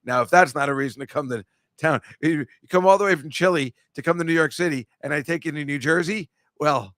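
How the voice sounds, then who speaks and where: A man's voice: fairly high pitch, a little fast, fairly bright tone, dry recording, clean studio sound. Rambling, teasing male podcast host. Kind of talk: casual chat.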